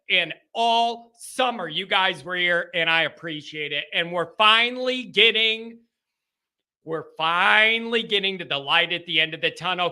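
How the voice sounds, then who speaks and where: A male host of a sports call-in show, talking in an excited, emphatic way. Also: sits high. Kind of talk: fan radio call-in chat.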